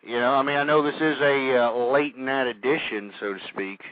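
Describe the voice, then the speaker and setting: A man hosting a call-in internet radio show, ranting vulgarly and shouting with passion. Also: mid-range voice, normal speed, no echo, phone-quality sound. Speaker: radio talk show host.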